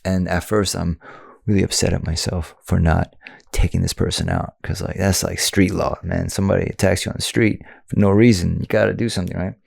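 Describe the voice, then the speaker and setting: Gravelly deep-voiced man musing. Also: flat delivery, brisk, a little mellow, no room sound, studio quality. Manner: rambling, many "you know" and "like" fillers. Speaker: podcast host. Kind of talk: casual reflective monologue.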